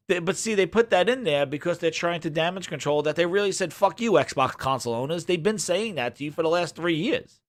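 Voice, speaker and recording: Ranting gamer guy on stream, kinda high voice that jumps all over, sarcastic, swears a lot. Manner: muttering low while reading, louder when ranting. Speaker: gaming streamer. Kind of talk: ranting commentary while reading a web page.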